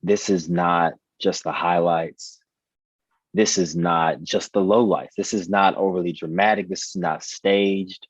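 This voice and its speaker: A deep-voiced man in his thirties speaks earnestly and reflectively, leaning on repeated phrases for emphasis. His voice is husky, and the recording is dry and slightly muffled. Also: fairly even intonation, unhurried, dry recording. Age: 30s. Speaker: podcast guest, author. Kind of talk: personal storytelling in conversation.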